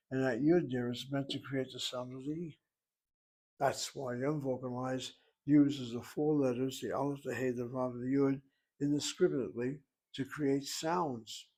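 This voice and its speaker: A man's voice: medium pitch, darkish tone. A man teaching a Hebrew lesson, who explains pronunciation and spelling step by step and asks himself questions as he works through each word. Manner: thinks aloud with rhetorical questions. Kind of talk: recorded lesson lecture.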